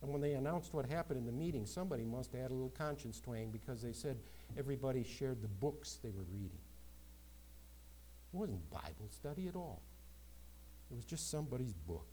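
A man preaching a sermon, swinging between loud emphatic exclamations and quieter asides. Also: mid-range voice, animated, fairly quick, slight background noise, rough recording. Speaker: pastor.

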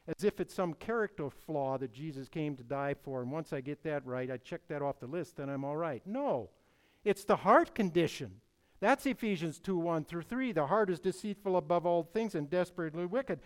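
A man preaching a sermon in an emphatic, deliberate way, repeating key phrases. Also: fairly high pitch.

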